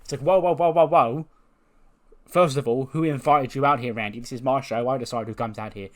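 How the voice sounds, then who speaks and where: Man doing a brash heel, loud and mocking. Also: medium pitch, steady tone, quick pace, natural voice. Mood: indignant. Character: brash cocky male wrestler talk-show heel.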